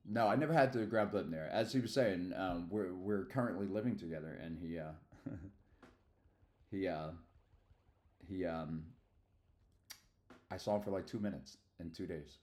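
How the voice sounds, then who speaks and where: Low and darkish, the voice of a middle-aged streamer from Philadelphia moves at a measured pace with long pauses as he rambles slangily through casual livestream chat, tossing in loose asides.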